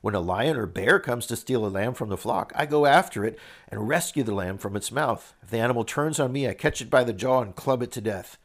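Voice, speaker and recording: A man's voice: mid-range voice, expressive, a little fast. A man reading as a bold young shepherd, earnest. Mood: confident. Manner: earnest, confident.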